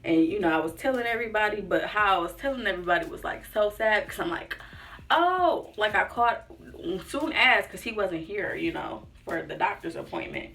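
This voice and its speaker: A brisk, gravelly, medium-pitched voice with a bit of brightness belongs to a young woman vlogger telling a personal story. She's casual and chatty, acts out quotes, and uses "like" and "y'all" often. She's recorded from a distance, off-mic, with faint music underneath.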